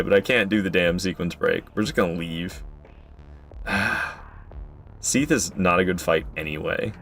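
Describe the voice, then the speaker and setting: A man's voice: low voice, lively intonation, moderate pace, long pauses, fairly bright tone, faint music behind. Frustrated young man streaming a game. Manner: frustrated, chatty, swears often; talks to chat. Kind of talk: live gameplay commentary.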